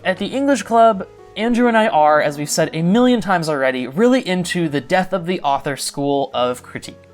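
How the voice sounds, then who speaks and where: A young man narrating a scripted video essay as a literary critic, with dry, wry asides. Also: high-pitched. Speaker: literary critic, club co-host.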